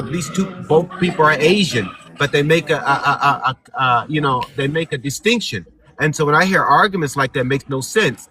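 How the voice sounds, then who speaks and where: A man with a high-ish, pushed, bright voice argues his point in a casual panel discussion. He repeats points for emphasis and acts out the questions people put to him.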